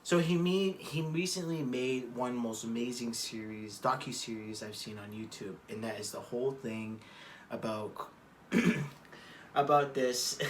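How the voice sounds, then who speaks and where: Male vlogger, mid-pitch, loose rambling opinion talk, frequent swearing, home room, faint background hum. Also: a bit bright. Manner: rambling, profane, restarts and digressions. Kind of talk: casual rambling commentary.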